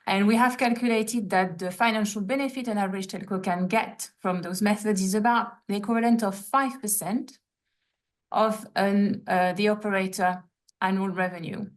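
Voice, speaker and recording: A woman moderating an online industry panel, polite and measured, with frequent fillers. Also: medium pitch, steady tone.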